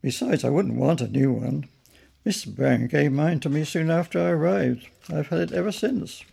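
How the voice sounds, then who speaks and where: Storybook bear, young, earnest and polite, raised gravelly voice, an old man putting it on. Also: on the high side, normal speed, dark tone, heavily acted. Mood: plaintive.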